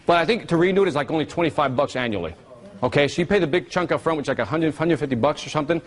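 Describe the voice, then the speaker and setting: A man giving a live marketing seminar, animated and teasing, drawing call-and-response from his audience. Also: a little high, racing.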